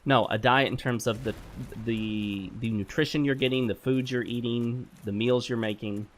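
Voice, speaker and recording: A man's voice: mid-range voice, fairly even intonation, moderate pace, a little hiss or hum. A man hosting a gaming channel, chatting casually over gameplay and handing out blunt, opinionated advice, rambling with lots of fillers and self-corrections.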